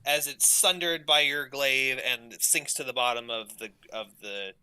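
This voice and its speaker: A man working as game master, narrating a tabletop game over a voice call in a quick, amused way and laughing often. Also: medium pitch, fairly even intonation, a crowd in the background, low-quality recording.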